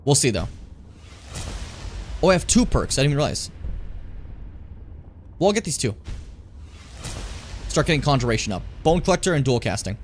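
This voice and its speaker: Animated joking male game streamer. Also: mid-range voice, normal speed, pauses often, a little hiss or hum. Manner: animated, joking, talks to chat. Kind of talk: casual gameplay commentary.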